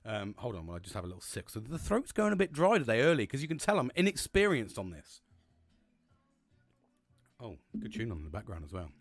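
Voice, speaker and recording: A man's voice: fairly low pitch, huge pitch swings, brisk, no echo, faint music behind. Blunt, swearing man. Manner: candid and blunt, swears freely, rambling with restarts. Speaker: podcast host. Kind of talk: casual solo podcast monologue.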